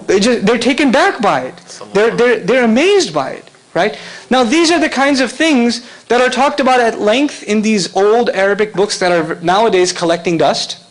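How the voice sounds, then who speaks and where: A man's voice: high-pitched, poor audio. A man. He speaks directly to his audience, often stops to ask them questions, and laughs easily as he explains. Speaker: Islamic lecturer. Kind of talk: lively lecture to a live audience.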